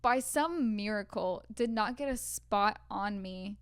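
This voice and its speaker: Speaking slowly in a clean, mid-range voice, a young podcast co-host chats casually about things that happened on a film set. She's a chatty storyteller who leans heavily on "like" as a filler.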